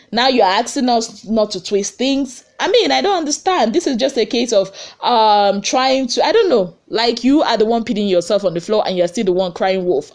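A woman's voice: mid-range voice, a little mellow. A young woman with a Nigerian accent, chatting animatedly through celebrity gossip with rhetorical questions and pidgin asides. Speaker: entertainment gossip vlogger. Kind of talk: casual gossip commentary.

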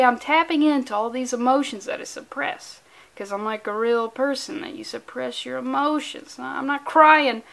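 A woman's voice: high voice, fairly even intonation, moderate pace, a bit bright. A woman vlogging about comic books in a casual, mock-angry, profane and rambling way. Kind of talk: casual comic review vlog.

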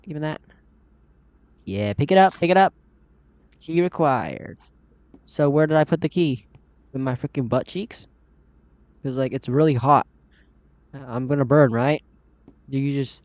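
A man's voice: a little high, dry recording. A man giving casual, jumpy horror gameplay commentary, talking to himself and calling out to the characters, his voice often cracking upward. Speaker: gaming channel host. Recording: slightly dull lo-fi mic.

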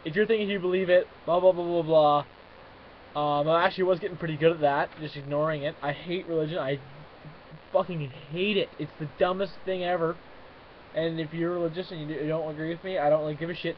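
High-voiced young man ranting angrily. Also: muffled recording, a little hiss or hum. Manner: swears constantly, shifts between fuming shouts and muttering. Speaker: vlogger. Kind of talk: angry rant to camera.

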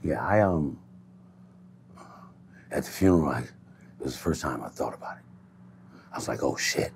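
A man in a candid street interview, speaking in a low-key, reflective way and swearing freely. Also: expressive, normal speed, a little hiss or hum.

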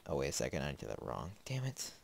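A man's voice: extremely low pitch, huge pitch swings, fast talker, gravelly, a little hiss or hum. A man giving casual gameplay commentary as a Let's Play host, rambling and talking to himself with lots of fillers, a bit sniffly from a slight cold.

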